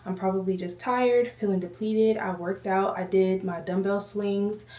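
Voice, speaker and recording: A woman vlogger with a warm, medium-pitched voice and fairly even intonation chats at a normal speed to the camera at home. Slightly out of breath, she rambles and calls her viewers y'all, her voice distant in an echoey room.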